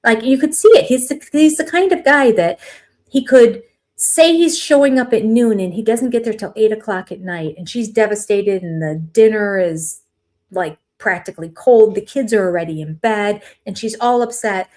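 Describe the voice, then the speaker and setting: Older woman host, casual live commentary, animated and opinionated. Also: medium pitch, moderate pace. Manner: animated, opinionated, acts out quoted voices. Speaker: host of a live reality TV review chat.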